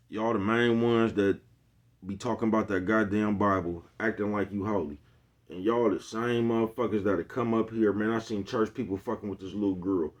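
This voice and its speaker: A middle-aged man with a low, deep voice talks straight to his viewers. His delivery is laid-back and full of street slang. He keeps throwing in asides to his listeners as he goes. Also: fairly even intonation, moderate pace. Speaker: vlogger. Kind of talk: casual monologue to viewers.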